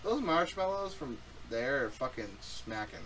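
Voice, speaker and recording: A young man co-hosting a casual podcast, loud and profane, teasing his co-host and telling animated stories. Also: medium pitch, unhurried, recorded from a distance, a little hiss or hum, low-quality recording.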